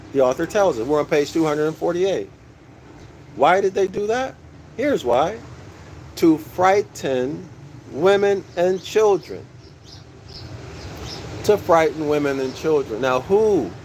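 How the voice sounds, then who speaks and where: A man's voice: a little high, darkish tone, slight background noise, rough recording. A man giving a teaching lecture from a book, repeating key phrases and asking his listeners questions, calling them "y'all".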